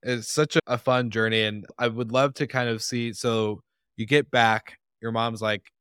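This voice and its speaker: A man's voice: medium pitch, steady tone, moderate pace, a bit bright, clear, resonant tone, no echo, clean studio sound. A young man hosting a podcast, asking long, loose, friendly questions. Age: young adult. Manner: friendly, rambling questions with fillers. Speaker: podcast host. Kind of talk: casual podcast interview.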